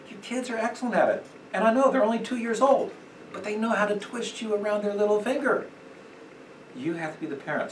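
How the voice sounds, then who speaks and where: A middle-aged man teaching a parenting class at church, talking conversationally with many fillers and acting out quick quotes. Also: high-pitched. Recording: echoey room, distant mic, noisy.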